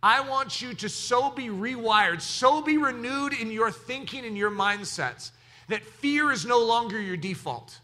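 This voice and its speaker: A man preaching a sermon as pastor of his church, animated, moving from quiet asides to shouted exclamations. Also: very high-pitched, a little slow.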